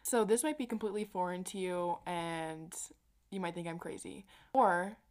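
A woman's voice: fairly low pitch, moderate pace, a little mellow. A young adult woman hosting her own podcast, talking in a casual, rambling way with lots of "like" and the odd swear word. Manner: chatty and rambling, heavy use of "like", casual swearing. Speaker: podcast host. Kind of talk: casual solo podcast chat.

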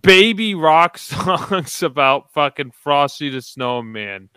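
A man's voice: fairly high pitch, animated, slow, sharp tone, clear, resonant tone, no room sound. A man chatting casually about a movie, sarcastic and swearing often. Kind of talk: casual movie review chat.

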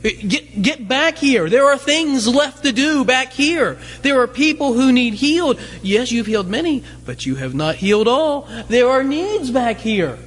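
A husky-voiced pastor voicing needy townspeople begging someone to come back. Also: male voice, extremely high pitch, sing-song, unhurried, hardly any pauses, a bit bright, full character voice. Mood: pleading. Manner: pleading, insistent. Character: pleading crowd of townspeople. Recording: long hall reverb.

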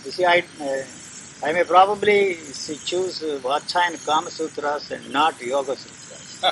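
A man talks insistently, hammering his points and repeating phrases, his voice a little higher than most men's. The recording is noisy throughout, with a steady hiss under the speech. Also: moderate pace, creaky. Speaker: speaker answering questions. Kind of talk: argumentative conversation.

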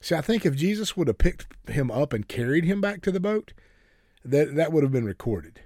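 A man's voice: fairly high pitch, very animated, normal speed, a little mellow, dry recording, studio quality. A man preaching a folksy, earnest sermon, often repeating words as he starts a sentence.

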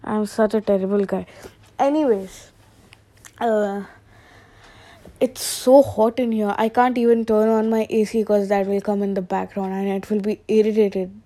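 Slow-talking woman rambling through jokes. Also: medium pitch, fairly even intonation, dark tone. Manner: rambling, laughs at own jokes. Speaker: podcaster. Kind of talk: casual comedic monologue.

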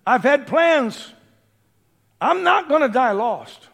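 A man voicing a procrastinating churchgoer who keeps promising to change someday, halting and earnest. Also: very high-pitched, animated, vocal fry, fairly bright tone, in a large hall, pitched above the performer's own voice, full character voice. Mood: earnest pleading.

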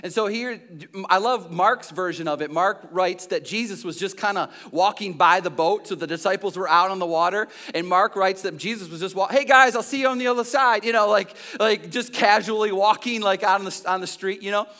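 Bright-voiced, conversational male pastor. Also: sits high, moderate pace, few pauses. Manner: conversational, with restarts and asides. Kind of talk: sermon. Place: church.

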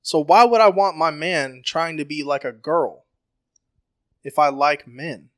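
A man co-hosting a podcast, talking in crude casual banter and laying out long questions loudly with lots of swearing. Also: a little high, unhurried. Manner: loud, profane, lays out questions at length. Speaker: podcast co-host.

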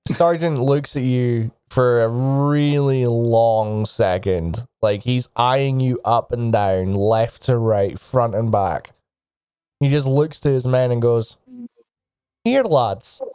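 A man's voice: medium pitch, slow, dark tone, clean tone, no echo, clean studio sound. A man narrating as game master of a tabletop game, describing scenes to the players in second person.

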